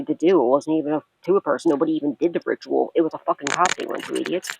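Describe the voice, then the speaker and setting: A woman's voice: low voice, darkish tone, a little hiss or hum, rough recording. A woman psychic tarot reader giving a rambling, profane spiritual reading.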